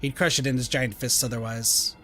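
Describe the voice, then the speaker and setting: A man's voice: medium pitch, brisk, faint music behind, voice pushed down, natural voice. A man voicing a dry, sarcastic young woman who teases her teammate. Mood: deadpan. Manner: deadpan, teasing.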